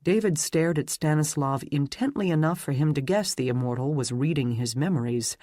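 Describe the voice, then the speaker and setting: A man narrating a dark fantasy romance audiobook in a steady, even reading. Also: on the high side, brisk, few pauses, no echo, clean studio sound. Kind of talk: scripted narration.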